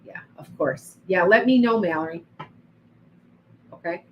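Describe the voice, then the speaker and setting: A woman's voice: on the low side, a little slow, muffled recording, a little hiss or hum. A woman doing psychic readings on a livestream, chatting to viewers by name with frequent restarts. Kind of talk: live-stream reading and chat.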